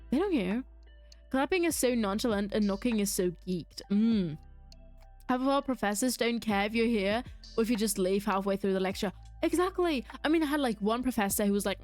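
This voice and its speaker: A woman's voice: on the high side, expressive, normal speed, darkish tone, faint music behind. A young adult woman streaming a game, rambling in casual chat, answering her viewers and laughing often. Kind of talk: casual chat while gaming, reading chat aloud.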